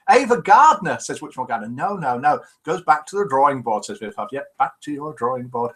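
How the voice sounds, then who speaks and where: A man's voice: mid-range voice, big pitch swings, fairly quick, few pauses, fairly bright tone. A man hosting a live chat show, reading out viewer comments and telling jokes in a chatty, teasing way.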